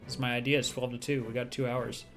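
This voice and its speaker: A man's voice: mid-range voice, little pitch movement, fast. A laid-back man co-hosting a casual gaming stream, easygoing and agreeable. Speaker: co-host. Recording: faint music underneath.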